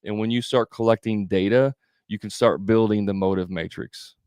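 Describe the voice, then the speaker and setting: Male sales coach, low voice, conversational live-training delivery with restarts. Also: steady tone, normal speed, darkish tone, clear, resonant tone, no room sound, studio quality. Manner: conversational, repetitive, with fillers and restarts.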